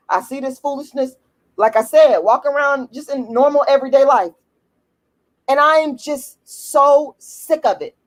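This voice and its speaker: A woman with an African American English accent, ranting to camera in a blunt, profane, heated and repetitive way. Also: sits high. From United States. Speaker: YouTube commentator. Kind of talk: emphatic personal rant to camera.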